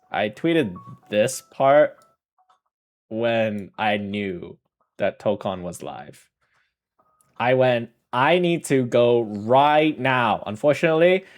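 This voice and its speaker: A man chatting casually on a livestream, rambling through a story, correcting himself often and laughing. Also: medium pitch. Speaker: streamer.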